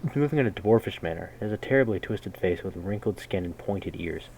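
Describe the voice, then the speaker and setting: A man reading a game's story text aloud in a measured way, breaking in with casual, slangy jokes as a gaming host. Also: low voice, expressive, a little mellow, slight background noise, rough recording. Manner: measured narration broken by casual slangy comments. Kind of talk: reading game text aloud with jokey asides.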